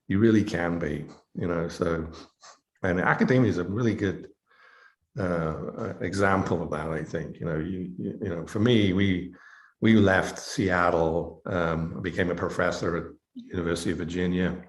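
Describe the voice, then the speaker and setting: This is a middle-aged man with an English accent and a very low voice. He speaks in a loose, rambling way, full of "you know" and restarts, as a guest in a casual interview. The sound carries noticeable room echo. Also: moderate pace. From England. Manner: rambling, many fillers and restarts. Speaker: interview guest, biochemistry professor. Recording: echoey room.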